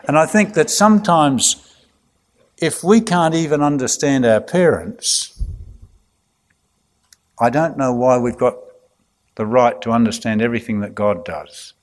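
A man, a clergyman giving a reflective talk full of anecdotes and gentle humour. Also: medium pitch, lively intonation, measured pace.

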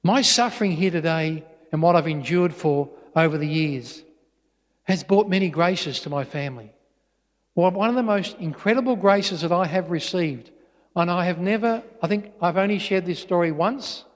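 A middle-aged Australian man giving a storytelling witness talk in a church, animated and full of restarts. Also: high-pitched, normal speed. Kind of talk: storytelling sermon. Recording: long church reverb.

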